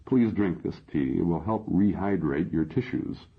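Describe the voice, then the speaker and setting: A man's voice: low voice, measured pace, husky, full character voice. A man voicing a polite, formal legless man in an audiobook, speaking courteously. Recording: dull lo-fi audio.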